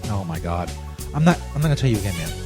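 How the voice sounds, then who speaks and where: A man's voice: lowish voice, very animated, very fast, a little mellow. A male radio host with a crude, irritable and mock-outraged way of talking, on a comedy show. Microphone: studio microphone. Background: faint music.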